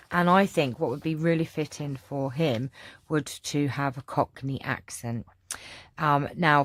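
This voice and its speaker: An English woman vlogger answering viewer questions in a candid, rambling way, with many pauses and fillers. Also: sits low, no room sound, clean studio sound. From England. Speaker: craft channel vlogger.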